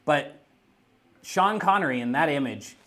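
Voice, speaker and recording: At a gaming store, a guest painter on a livestream rambles casually through a story, saying "like" constantly. His voice is a little high, animated and bright, with a forceful tone and a measured pace.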